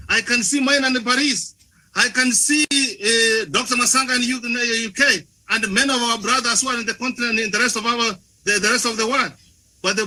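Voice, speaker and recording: A man's voice: high-pitched, bright, forceful tone, rough recording. A man with an African English accent, a panelist giving an impassioned forum speech, emphatic and often stumbling over his words. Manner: emphatic, repeatedly addresses the moderator by name.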